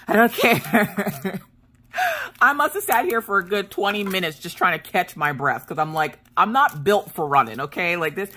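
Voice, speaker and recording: A woman chatting on her craft vlog with a bright, lively voice that swoops up and down as she tells her stories. She laughs often and acts out what everyone said. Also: fairly low pitch. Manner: animated storyteller, laughs often, acts out dialogue. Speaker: crafting vlogger. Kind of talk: casual chat.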